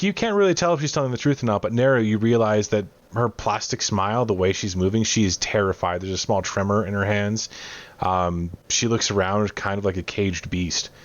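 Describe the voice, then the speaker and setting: A man narrating and refereeing a tabletop game as game master, relaxed and descriptive. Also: lowish voice, highs cut off. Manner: relaxed, descriptive, halting with fillers.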